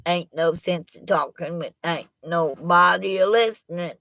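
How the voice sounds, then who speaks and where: A woman's voice: fairly low pitch, measured pace, gravelly, a bit bright, no echo. A woman hosting a casual live stream. She rambles in a folksy way and talks straight to her chat from a laptop at home. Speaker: livestream host. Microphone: laptop microphone.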